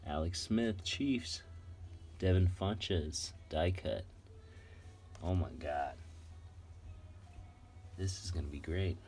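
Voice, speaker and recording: A man casually chatting while going through a box of trading cards, excitedly rattling off names. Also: low-pitched, slow, pauses often, faint music behind. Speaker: card collector vlogger. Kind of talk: casual unboxing chat.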